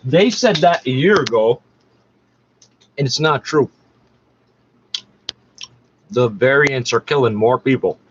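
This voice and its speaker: A man vents in a sarcastic, profane running rant, arguing with what he hears. The recording is dull and lo-fi, with steady noise behind him. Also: medium pitch, takes it slowly, long pauses. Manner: sarcastic, profane, argues back at broadcasts. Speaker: listener ranting over the radio. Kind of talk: angry running commentary. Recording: muffled lo-fi recording with clear background noise.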